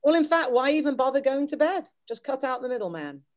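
With a crowd audible behind her, a middle-aged English teacher from the Wirral, England, talks casually as a podcast guest in a high, sing-song, brisk voice. Her light Scouse accent carries an American tinge. She's chatty and self-deprecating, frequently starting her sentences over.

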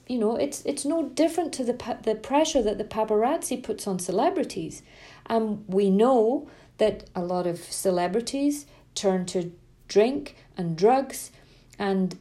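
A middle-aged woman coaching parents in an earnest, emphatic way, stressing her points by saying them twice. Her voice sits a little high but sounds mellow and soft-edged. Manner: emphatic, repeats words for stress, tells anecdotes. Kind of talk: earnest spoken talk to parents.

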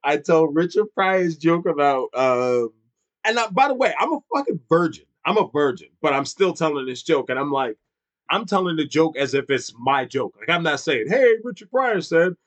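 A man's voice: fairly high pitch, lively intonation, moderate pace. A man in his thirties telling a funny childhood story in casual chat, swearing freely and laughing often. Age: 30s.

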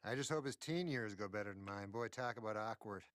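A man's voice: fairly low pitch, brisk, heavy background noise, lightly acted. Death, a man voicing a mopey cartoon reaper. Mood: wistful. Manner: dry, self-deprecating grumbling. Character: Death, male cartoon grim reaper, mopey and self-pitying. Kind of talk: cartoon voice acting.

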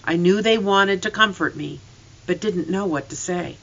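Earnest reader telling a storybook, bright sharp voice, dull lo-fi sound. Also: mid-range voice, moderate pace. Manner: earnest, emotional reading. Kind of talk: scripted narration of a storybook.

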